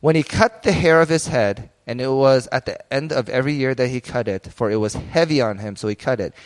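A pastor in his thirties preaching a sermon in a candid, conversational way, telling personal stories. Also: medium pitch.

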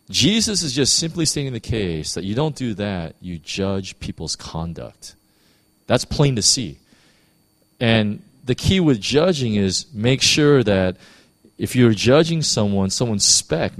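Male pastor, low voice with wide swings, casual animated sermon, dry close sound. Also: dry recording. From United States. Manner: conversational, animated preaching with many restarts.

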